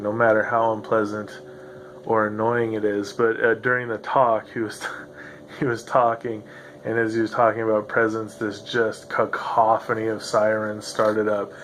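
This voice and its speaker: Over the grind of a computer fan in a home room, a man runs a solo podcast, rambling, swearing freely and laughing a lot. He has a fairly low, fairly bright voice, with slight background noise.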